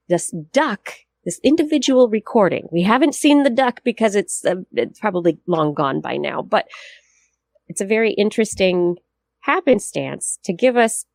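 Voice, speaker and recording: A woman's voice: mid-range voice, gravelly, dry recording. Woman, science podcast co-host, explanatory, dry sound. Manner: explanatory, laughs easily, self-correcting. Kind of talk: casual science podcast chat.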